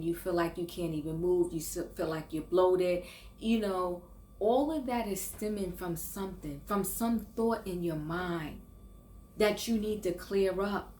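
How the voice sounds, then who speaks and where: A woman's voice: fairly low pitch, a little mellow, roomy sound, a little hiss or hum. An older woman talking in a casual vlog, earnest and encouraging, sometimes stumbling over her words. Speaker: vlogger. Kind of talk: casual faith and self-help vlog.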